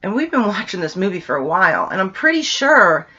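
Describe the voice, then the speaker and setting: A young woman casually telling a ghost story to the camera, animated, laughing often and swearing freely. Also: mid-range voice, brisk, breathy edge, muffled recording. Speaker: vlogger.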